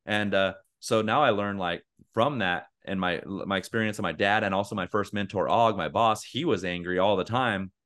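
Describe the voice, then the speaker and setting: Young guy podcasting, lowish voice, rambly and earnest, lots of likes. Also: normal speed, few pauses, fairly bright tone. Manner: rambling, earnest, many fillers; acts out angry quotes in a raised voice. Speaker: podcast co-host. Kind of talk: casual podcast chat.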